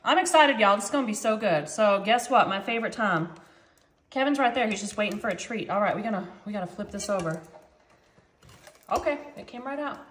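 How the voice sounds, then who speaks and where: A woman's voice: medium pitch, animated, a little fast, a bit bright, roomy sound, a little hiss or hum. A woman, hosting a casual cooking vlog and chatting to viewers as y'all from her home kitchen. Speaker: cooking channel host.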